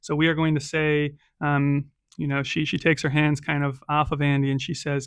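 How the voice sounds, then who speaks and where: A man's voice: a little high, flat delivery, moderate pace, few pauses, clear, resonant tone, no echo, clean studio sound. Casual male solo game master. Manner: casual, with frequent "right?" and "um". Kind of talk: solo tabletop game narration.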